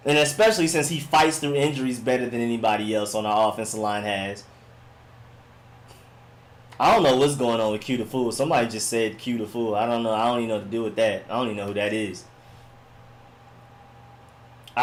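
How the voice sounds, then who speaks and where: Speaking fast at a normal middle pitch, this easygoing man runs a sports live stream and talks casually with the audience. He wanders between comments using relaxed slang and keeps dropping in "you know what I'm saying".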